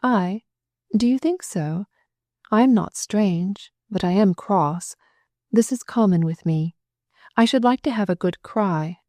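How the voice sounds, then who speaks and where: A woman reading the part of a young noblewoman who speaks quickly and tearfully in an audiobook. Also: medium pitch, mellow, no echo, studio quality, lightly acted. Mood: confiding.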